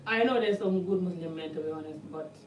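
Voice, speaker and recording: A woman's voice: on the low side, slight background noise. A woman vlogger talking passionately to camera in a blunt, rambling way, with some distance from the mic. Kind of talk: personal talk to camera. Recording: echoey room, mic at a distance.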